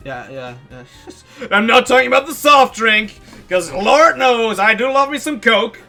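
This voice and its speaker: Slow, bright-voiced male game streamer. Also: very high voice, big pitch swings, faint music behind. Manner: chatty, jokey, rambling. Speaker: let's-play streamer. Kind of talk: casual game commentary.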